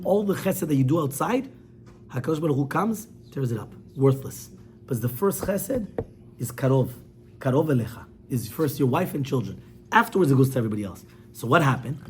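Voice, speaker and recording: A man, a rabbi giving a class on marriage, telling a parable with lively acted-out voices. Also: slight background noise. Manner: animated, acts out characters with big pitch swings. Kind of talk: lively storytelling sermon.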